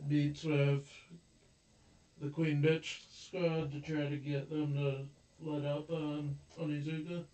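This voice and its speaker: A man's voice: on the high side, flat delivery, takes it slowly, dark tone. A man co-hosting a casual review chat who chimes in from his notes with extra points and corrections. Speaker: podcast co-host. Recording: echoey room, distant mic.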